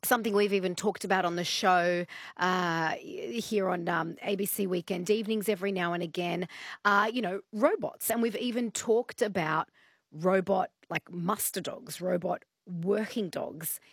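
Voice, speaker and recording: A woman's voice: lowish voice, normal speed, breathy edge, no echo. A woman hosting a radio interview, asking friendly, curious questions into a studio microphone. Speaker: radio host.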